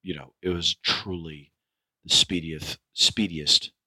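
A man hosting a podcast, speaking with a hoarse, ragged voice in a rambling way, full of fillers and restarts. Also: sits low, fairly even intonation, takes it slowly, sharp tone, no echo. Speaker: podcast host. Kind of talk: spoken podcast intro.

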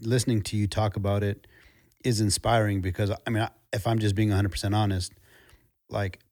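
A man with a fairly low voice runs a relaxed interview. He asks frank, reflective questions and shares his own doubts plainly. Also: fairly quick. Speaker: podcast interviewer. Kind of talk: conversational interview.

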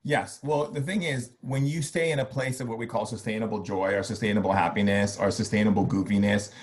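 A man's voice: fairly low pitch, steady tone, fairly quick. A man being interviewed as a spiritual workshop leader, talking casually in a playful, joking way and acting out little voices. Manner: playful, jokey, acts out voices.

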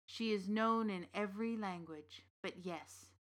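Woman reading big fairy uncle, calm and knowing, storybook voice. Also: mid-range voice, measured pace, natural voice. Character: big warm Irish uncle, old fairy king's son.

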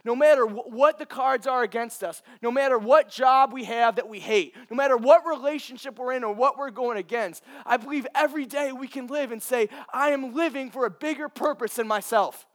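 A man's voice: very high voice, fairly quick, few pauses. A man preaching a sermon as pastor, passionate and earnest, addressing listeners directly.

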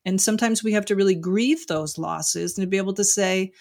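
A middle-aged woman speaks as a guest in an interview, candid and thoughtful. She sprinkles her talk with "you know" and "like". Her voice sits in a middle pitch. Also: a little fast, gravelly, darkish tone. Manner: reflective and frank, with many "you know" and "like" fillers. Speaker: author and marriage coach, guest.

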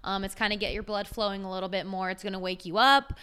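Bright, upbeat woman in her twenties. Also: medium pitch, fairly even intonation, quick pace, clean tone. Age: 20s. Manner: enthusiastic, filler-heavy, uses slang. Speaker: fitness trainer guest. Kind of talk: casual podcast chat.

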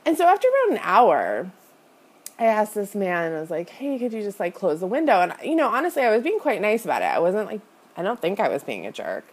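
A woman's voice: medium pitch, huge pitch swings, brisk, breathy edge. A woman hosting a podcast, telling a personal story in a chatty, confessional way, full of "like" and "you know", and talking straight to her listeners. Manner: confessional, addresses listeners directly. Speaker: podcast host and business coach. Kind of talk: casual storytelling monologue.

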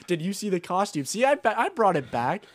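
A young man, teasing his friends on a casual podcast. His voice is a little high and sounds dry and close to the mic. He keeps the banter quick. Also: very animated, dry recording. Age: young adult. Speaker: podcast co-host. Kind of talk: casual chat.

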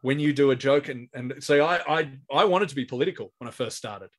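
A man's voice: medium pitch, brisk. A man in his forties with an Australian accent, telling anecdotes as a comedian guest in a casual interview, restarting his sentences often. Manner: rambling anecdotal storyteller with many restarts.

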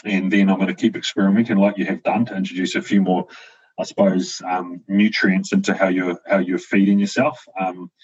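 A man's voice: sits low, flat delivery, fairly quick, darkish tone, slightly rough. A man, a guest on a talk show, speaking reflectively with many fillers and restarts. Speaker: guest, avocado farmer. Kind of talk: casual conversation. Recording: dull lo-fi sound.

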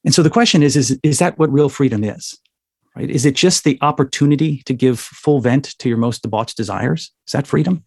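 A man's voice: mid-range voice, a little fast, a little mellow, slightly rough, no echo, clean studio sound. A man as an interview guest, talking in a thoughtful, lecturing way and often checking in with "right?". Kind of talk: interview answer, explanatory.

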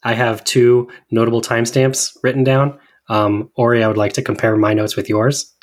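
A man's voice: mid-range voice, little pitch movement, moderate pace. A man co-hosting a podcast, chatting casually with dry jokes. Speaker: podcast co-host. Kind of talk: casual chat.

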